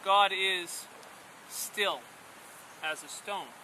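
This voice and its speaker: A man voicing a wise old female turtle who speaks slowly and solemnly in a storybook tale, outdoors with faint rural sound. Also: sits high, pushed and bright, slight background noise, pitched above the performer's own voice, heavily acted, poor audio.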